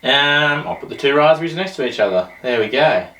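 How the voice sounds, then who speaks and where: A man's voice: fairly high pitch, animated, fairly quick, bright, forceful tone, distant mic. A man hosting a casual beer tasting show, chatting in a rambling, jokey way. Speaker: host of a beer review show. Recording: roomy echo, voice off-mic.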